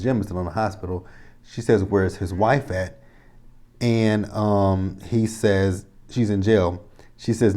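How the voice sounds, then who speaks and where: A man in his thirties recaps a TV drama episode in a loose, rambling way, full of profanity and exasperated asides. His voice sits low and sounds warm and mellow. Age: 30s. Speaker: TV episode reviewer. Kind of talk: casual recap and commentary.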